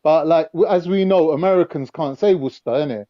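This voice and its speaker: High-voiced jokey man. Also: a little fast, no echo, lo-fi sound. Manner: jokey, laughing. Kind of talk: casual chat.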